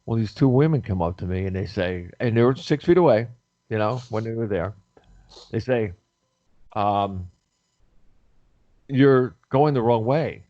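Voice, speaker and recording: Guy telling a lively story, does the voices, dry muffled sound. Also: fairly low pitch, moderate pace, no echo. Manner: animated storyteller, acts out quotes. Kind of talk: casual talk radio storytelling. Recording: dry, dull lo-fi audio.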